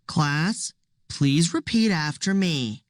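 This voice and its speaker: A woman reading aloud as a patient, pitying schoolteacher who speaks slowly and carefully to her class. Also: low voice, lively intonation, no echo, studio quality. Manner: slow, careful classroom speech.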